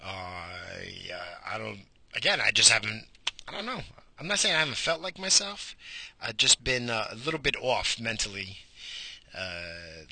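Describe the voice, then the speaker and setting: A man's voice: on the low side, very animated, moderate pace, pushed and bright, no echo. A middle-aged man hosting an internet radio show, rambling alone in a goofy, profane, self-mocking way. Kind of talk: rambling solo monologue.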